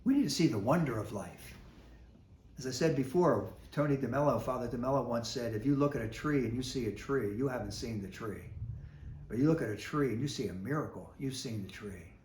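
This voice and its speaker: A man's voice: medium pitch, lively intonation, fairly quick, a little mellow. A middle-aged man, a parish priest, giving a casual, conversational reflection with lots of fillers and asides. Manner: folksy and conversational, with many fillers. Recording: echoey room with faint noise.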